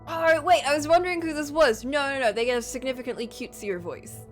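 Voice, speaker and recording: A woman's voice: high voice, fast talker, soft background music. A woman streamer reading a story aloud in a casual way, with playful, chatty asides.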